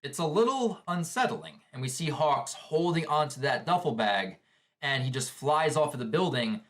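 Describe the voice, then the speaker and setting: A man giving casual anime reaction commentary, excitable, often chuckling and thinking aloud with questions. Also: fairly high pitch, normal speed.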